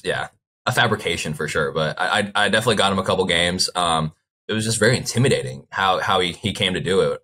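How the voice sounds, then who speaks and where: A young man with a low, bright voice chats as a guest on a sports talk show. He rambles through stories, leaning on "like" as he goes. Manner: rambling storyteller, frequent "like" fillers. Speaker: baseball player guest. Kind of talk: casual interview chat.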